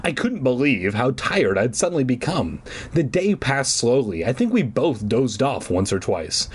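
A man's voice: mid-range voice, big pitch swings, moderate pace, slightly rough. A man reading a children's story aloud with irreverent, joking asides. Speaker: reader.

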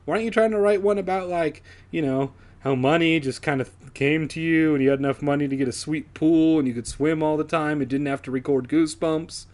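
A man's voice: a little high, steady tone, brisk, few pauses, a little mellow. A man reading a kids' horror book aloud as a comedy host, breaking off for sarcastic asides. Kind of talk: comedic read-aloud with commentary.

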